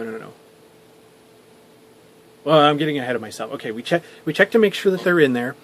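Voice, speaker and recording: A man's voice: mid-range voice, a little hiss or hum. Rambling young man vlogging. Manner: rambling with many restarts and swearing. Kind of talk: casual storytelling vlog.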